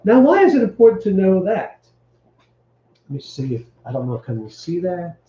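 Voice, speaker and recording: Dark-voiced man teaching, echoey room. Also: high voice, very animated, normal speed, muffled recording. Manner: explains step by step, checks in with "right?". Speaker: Bible teacher. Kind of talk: teaching Hebrew grammar to a live stream.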